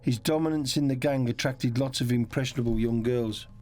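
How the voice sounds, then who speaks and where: A man narrating a crime documentary in a measured, serious scripted delivery. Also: mid-range voice, darkish tone, soft background music.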